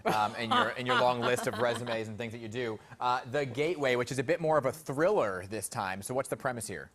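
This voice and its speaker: Lively, fast-talking morning host. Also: male voice, medium pitch, creaky, crowd noise. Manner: animated, fast, digressive. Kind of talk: morning TV chat.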